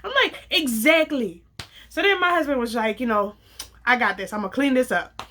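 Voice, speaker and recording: Woman, young adult, bright voice, fairly high pitch, casual storytime, acts out quotes. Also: normal speed. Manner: animated, acts out quoted dialogue, casual slang. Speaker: vlogger telling a story.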